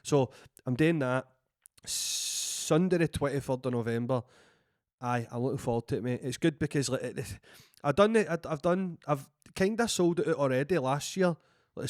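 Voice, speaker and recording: Easygoing Scottish comedian. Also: male voice, on the high side, dry recording, studio quality. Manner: easygoing, enthusiastic, with restarts. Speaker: podcast co-host, stand-up comedian. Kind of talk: casual chat.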